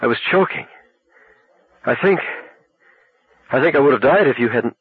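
A man voicing a panicked young woman who is choking in the snow, her voice high, strained and breathless. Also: lively intonation, normal speed, husky, no room sound. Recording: tinny narrow-band recording.

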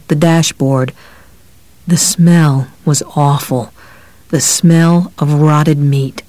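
A man's voice: on the high side, dry recording. Man narrating an audiobook, dry. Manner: steady, even storytelling.

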